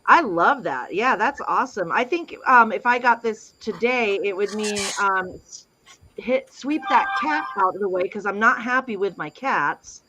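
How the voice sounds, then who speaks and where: A woman's voice: mid-range voice, lively intonation, measured pace, bright, forceful tone, dry recording. A woman co-hosting a casual chat, bubbly and chatty, with frequent giggles. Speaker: co-host.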